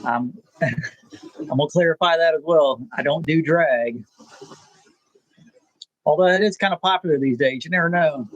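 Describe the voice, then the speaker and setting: A man, hosting a rambling live chat with viewers, pausing often with "uh". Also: on the high side, no echo, lo-fi sound. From South Texas. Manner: laid-back, rambling, frequent "uh" pauses. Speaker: channel host.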